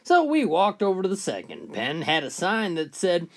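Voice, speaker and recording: Animated man telling jokes. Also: high-pitched, moderate pace, few pauses. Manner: animated storytelling. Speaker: joke teller.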